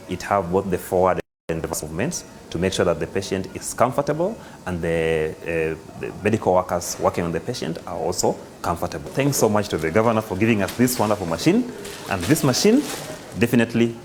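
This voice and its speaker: A hospital worker with a very low voice explains equipment, pausing on fillers. There is a faint hum of noise behind him. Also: male voice. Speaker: hospital staff.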